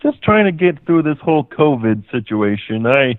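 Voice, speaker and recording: A man's voice: mid-range voice, very animated, moderate pace, no room sound. A man calling in to a show, goofy and meandering, stumbling over made-up words. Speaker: caller. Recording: dry, tinny phone line.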